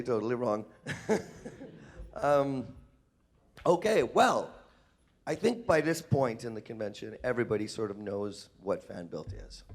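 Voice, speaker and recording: A man's voice: mid-range voice, a little mellow. A man talking to a convention panel audience, emotional and laughing, chatting with the crowd. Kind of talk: live convention panel talk.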